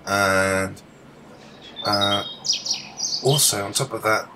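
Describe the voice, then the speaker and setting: A man with a lowish voice gives meandering live commentary outdoors. He swears casually and often leaves sentences unfinished. Loud outdoor noise presses in around his voice. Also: steady tone, takes it slowly, pauses often. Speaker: livestreamer filming the sky. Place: outdoors under the sky.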